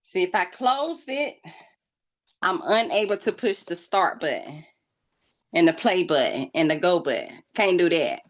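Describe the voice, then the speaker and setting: Speaking a little slowly in a fairly low, animated voice, a craft channel host talks casually to her viewers. She calls them "y'all," keeps her vlog talk colloquial and playful, and teases them with mock drama.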